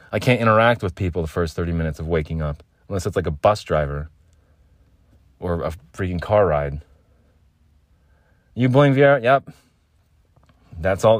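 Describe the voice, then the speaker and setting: Ranting man with a lowish voice. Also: no room sound, clean studio sound. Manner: ranting, emphatic, profane. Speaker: podcast host. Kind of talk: solo podcast rant.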